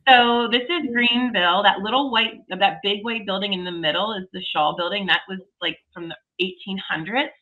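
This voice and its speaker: A woman's voice: medium pitch, brisk, hardly any pauses, pushed and bright, muffled recording. A woman in her forties, a podcast guest, telling a story in casual, enthusiastic chat.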